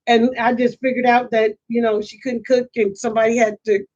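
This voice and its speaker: Woman, middle-aged, high voice, casual chat host, animated storyteller, laughs a lot, repeats phrases. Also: a little fast, dull audio. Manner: animated storytelling, laughs often, acts out quotes; chatty, repeats and restarts phrases.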